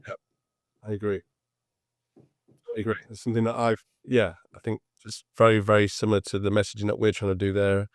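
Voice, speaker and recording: A man with a low voice hosts a video-call interview. He works through hesitant, rambling questions, and the sound is dry and close. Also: monotone, brisk, long pauses, no room sound. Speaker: podcast host.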